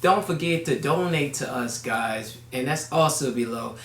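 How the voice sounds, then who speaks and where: A woman chatting casually to the camera in a relaxed way while reacting to a video. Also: extremely low pitch, measured pace, slight background noise. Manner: relaxed, laid-back talk. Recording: roomy echo.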